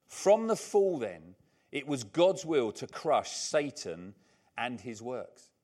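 A man's voice: medium pitch, big pitch swings, slow pace, a little mellow. An older man preaching a sermon, emphatic and repeating his key lines, with chatty, humorous asides.

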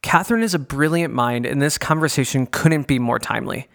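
A man's voice: mid-range voice, brisk, gravelly. Welcoming male podcast co-host. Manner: warm, welcoming, inviting. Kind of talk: scripted podcast intro.

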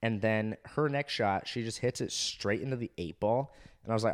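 A man's voice: fairly low pitch, moderate pace. A young man casually telling a bar story to a friend, laid-back and profane. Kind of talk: casual chat.

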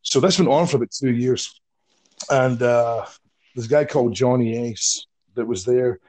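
A man in his forties, a wrestler guest telling stories in a casual interview, animated and swearing freely. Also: mid-range voice, measured pace. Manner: animated storyteller, swears freely, acts out quotes.

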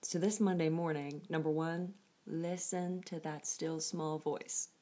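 Slow, low-voiced woman giving a devotional. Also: steady tone, mellow. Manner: laughs often, thinks aloud. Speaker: host of a devotional show. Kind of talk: casual devotional talk.

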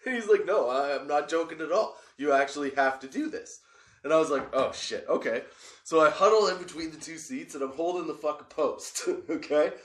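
A man's voice: on the high side, brisk, a bit bright, roomy sound. A man telling a wild story in casual talk, swearing, laughing often and checking in with "okay?". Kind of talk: casual anecdote.

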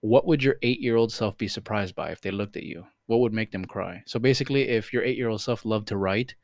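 A young man co-hosting a podcast, chatting casually, swearing a lot, and putting on quick voices when he tells a story. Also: on the low side, no room sound, clean studio sound. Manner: animated, swearing, puts on voices for the cat. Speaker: podcast co-host. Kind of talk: casual chat.

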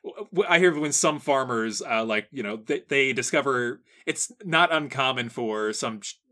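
A man's voice: mid-range voice, lively intonation, normal speed, sharp tone. A man chatting casually, rambling with lots of filler words and frequent chuckles. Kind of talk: casual chat.

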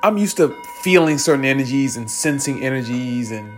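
A man's voice: mid-range voice, lively intonation, moderate pace, soft background music. A young man earnestly recounting a spiritual experience in a rambling way, with many restarts and moments where he gets tearful. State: tearful at times. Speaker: vlogger. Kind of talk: personal spiritual storytelling.

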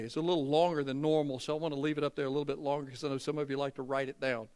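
An older man preaching a sermon to his church, folksy and emphatic, dropping to a hush and then building loud. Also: on the high side, level tone, very fast, few pauses, smooth. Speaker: pastor. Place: church sanctuary.

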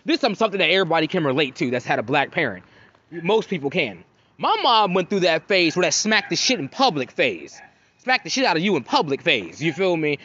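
A man in his thirties from Cincinnati tells stories in a casual podcast monologue, swearing freely and slipping into quoted voices. His voice is high and swings widely in pitch. The recording is muffled and lo-fi. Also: a little hiss or hum. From Cincinnati, Ohio. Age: 30s. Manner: profane, animated, acts out quotes in bursts. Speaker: podcast host.

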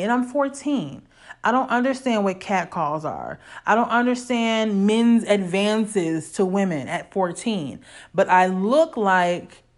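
Woman in her 40s from Illinois, middle pitch, candid personal storytelling, casual and conversational.

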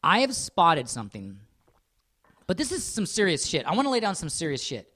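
A man co-hosting a casual podcast, his pitch swinging up and down through long, rambling stretches of talk. He swears freely, mocks himself, and keeps dropping into quick put-on voices. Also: wildly swooping pitch, sharp tone. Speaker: podcast co-host. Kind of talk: casual chat.

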